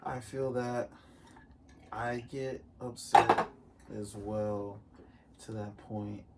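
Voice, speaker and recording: Chill guy with a lowish voice, slangy, noisy background. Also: steady tone, very slow. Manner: laid-back, slangy listener. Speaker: podcast co-host. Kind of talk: casual chat.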